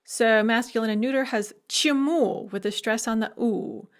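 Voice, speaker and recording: A woman's voice: fairly high pitch, steady tone, moderate pace. Woman methodically teaching a language lecture. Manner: methodical, listing word forms one by one. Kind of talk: recorded university lecture.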